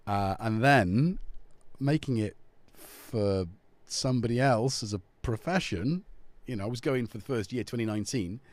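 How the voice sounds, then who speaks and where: A man's voice: lowish voice, a little mellow, no echo. A man hosting a casual live stream, joking and rambling off topic at a studio mic. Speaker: livestream host. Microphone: studio dynamic mic.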